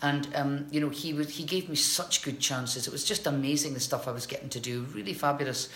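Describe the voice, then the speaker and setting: Middle-aged scottish woman, actress guest, chatty and animated, echoey room. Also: low voice, brisk. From Scotland. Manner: chatty, animated storytelling with many restarts. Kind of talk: casual interview chat. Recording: roomy echoey recording.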